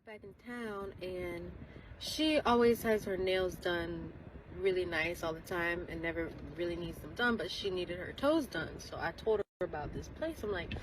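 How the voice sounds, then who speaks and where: A woman's voice: lowish voice, normal speed, noisy background. A young woman chattily recounting a story, peppered with "like" and quoted exchanges. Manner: chatty, tells it with lots of "like" and quoted dialogue. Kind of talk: casual storytelling in a clip.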